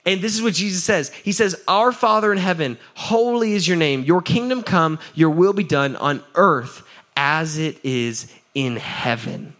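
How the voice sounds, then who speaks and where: Pastor, male, fairly high voice, energetic casual sermon, works the crowd, laughs often. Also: unhurried. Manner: energetic, asks the crowd for answers; laughs often, repeats "right?".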